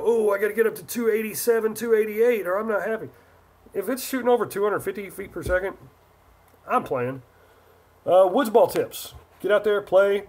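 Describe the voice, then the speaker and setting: A man from Northern California hosts a relaxed livestream, rambling through answers as he reads viewer comments aloud. His voice sits noticeably high for a man. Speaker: livestream host. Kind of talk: casual live chat answering viewers.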